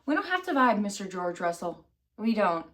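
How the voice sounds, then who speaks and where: With a mid-range, somewhat bright voice that swings widely in pitch, a woman talks at normal speed in a casual vlog. She's scattered and self-mocking, frequently losing her train of thought amid fillers and restarts.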